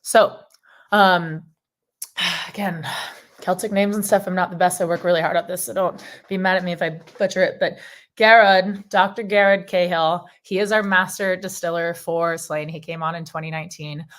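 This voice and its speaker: Enthusiastic woman presenting a seminar, lowish voice. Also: fairly even intonation, moderate pace, a bit bright. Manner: enthusiastic and chatty, with frequent ums. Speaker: whiskey brand ambassador giving a presentation.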